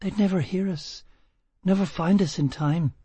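A frightened, worn-out young woman, high and shaky, breathless as she pleads, put on by a man reading aloud. The voice is a little husky. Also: normal speed, warm tone, no room sound. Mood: hopeless.

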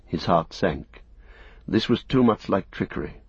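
A man steadily narrating an audiobook in a measured storytelling manner. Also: sits low, lively intonation, husky, dry recording. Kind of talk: scripted narration. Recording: dull, muffled recording.

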